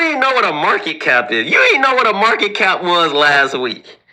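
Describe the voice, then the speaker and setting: A man's voice: high-pitched, very animated, fairly quick, pushed and bright. A man giving casual stock market lessons in a joking, teasing way, laughing often.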